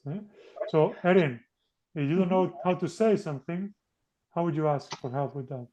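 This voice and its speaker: Male teacher, mellow warm voice, slightly high, patient, online class. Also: moderate pace, highs cut off, a little hiss or hum. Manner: patient, coaxing, switches between two languages. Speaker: Spanish teacher. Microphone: video call.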